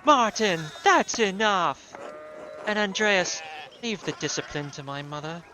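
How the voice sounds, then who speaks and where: A man's voice: sits high, animated, a little slow, sharp tone, a little hiss or hum, voice pushed up, exaggerated voice. A man voicing a stern middle-aged village mother who scolds sharply in exasperation. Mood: scolding.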